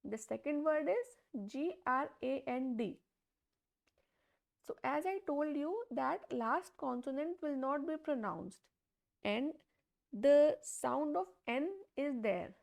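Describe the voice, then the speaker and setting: Woman, language teacher, deliberate, repeats words, gravelly voice. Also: high-pitched, lively intonation, a little mellow. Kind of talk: slow step-by-step pronunciation lesson.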